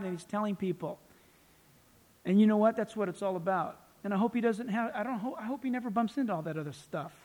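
A male pastor preaching a sermon in a lively storytelling manner, acting out the people he quotes. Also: sits high, fast. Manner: animated storytelling, acts out quoted voices. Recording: long hall reverb.

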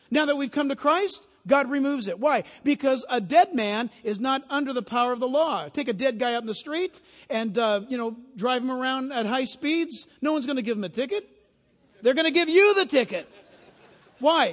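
A man delivers a sermon in a strikingly high voice, swinging from quiet reflection to loud, emphatic bursts. His words ring out with a long reverb, as if spoken in a large hall. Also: normal speed. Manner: animated preacher, builds to loud emphatic peaks. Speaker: pastor.

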